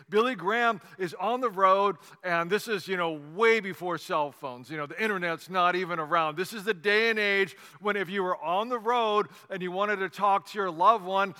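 A male pastor preaching a sermon with animated storytelling and conversational asides, in a church hall. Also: high-pitched.

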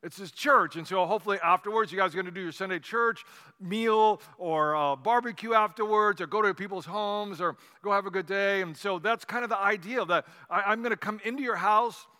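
A male pastor preaching a sermon with animated storytelling and conversational asides, in a church hall. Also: high-pitched, a little fast.

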